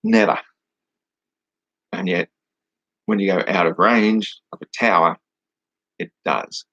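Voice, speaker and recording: A man's voice: low-pitched, steady tone, unhurried, fairly bright tone, no echo, muffled recording. A man hosting a casual livestream, answering chat questions in a mocking, dismissive way and swearing now and then.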